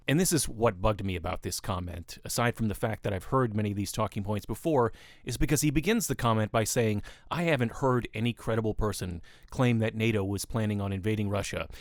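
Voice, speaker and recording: A man's voice: fairly low pitch, no echo. Sarcastic man with a dry close sound. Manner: sarcastic, argumentative, reads quotes aloud. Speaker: podcast host. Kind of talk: solo commentary podcast.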